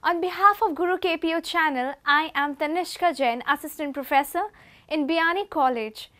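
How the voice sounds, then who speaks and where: High-voiced woman teaching French greetings. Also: bright, forceful tone. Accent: Indian English. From India. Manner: slow repeated pronunciation drills. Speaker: assistant professor teaching French basics. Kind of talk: classroom lesson.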